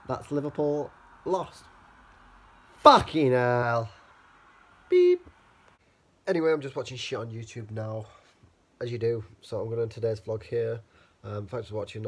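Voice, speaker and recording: Young man, husky voice, has a cold, rambling casual vlog chat, swears a lot, student bedroom. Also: mid-range voice, a little mellow. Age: young adult. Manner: chatty, rambling, swears freely. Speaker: student vlogger. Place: student house bedroom, indoors. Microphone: camera held while talking.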